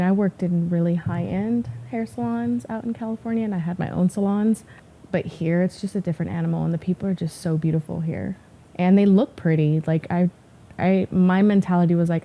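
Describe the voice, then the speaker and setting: Lady hairstylist in her 40s, low mellow voice, chatty storyteller. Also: steady tone, normal speed. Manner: chatty, swears casually, storytelling. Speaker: hairstylist guest. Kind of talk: casual podcast chat.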